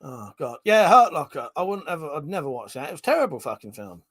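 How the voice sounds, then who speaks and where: Chatty sweary man, lively pitch. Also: quick pace, no room sound. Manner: swears freely, reads chat messages aloud. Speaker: streamer. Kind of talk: casual live-stream chat.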